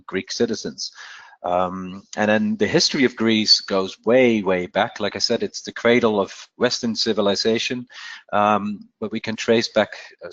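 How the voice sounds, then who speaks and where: A man presenting a slide talk about travel to an audience, conversational and often pausing with fillers. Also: on the low side, a bit bright, dry recording. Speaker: cruise line presenter. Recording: dry, dull lo-fi sound.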